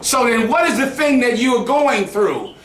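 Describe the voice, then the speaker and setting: A man's voice: very high-pitched, animated, measured pace, a bit bright, roomy sound. A man preaching to a group in a heated, mocking way, swearing freely. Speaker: group teacher. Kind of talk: street preaching.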